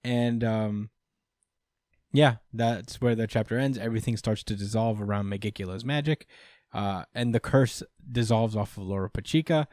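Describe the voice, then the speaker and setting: A man's voice: on the low side, normal speed, darkish tone, no room sound. A man hosting a casual podcast, recapping with lots of fillers and acted-out quotes. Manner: rambling recap, many fillers, acts out quotes. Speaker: podcast host.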